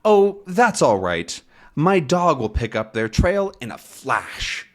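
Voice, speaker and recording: A man reading a brisk young comic-book reporter. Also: a little high, sing-song. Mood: cheerful.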